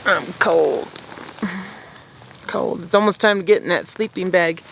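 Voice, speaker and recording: A woman's voice: lowish voice, measured pace, vocal fry, slight background noise. A woman chatting casually to the camera outdoors at a mountain campsite at dusk, rambling and laughing at herself. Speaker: outdoor vlogger.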